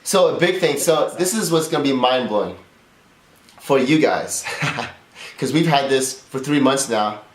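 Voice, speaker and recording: A man's voice: medium pitch, expressive, a little slow. A man co-hosting a casual talk show, speaking openly and with loose, profane storytelling. His voice sits mid-range, and the recording carries a noticeable room echo. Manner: candid, profane, rambling storytelling. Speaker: podcast co-host. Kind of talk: casual conversation. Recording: roomy echo.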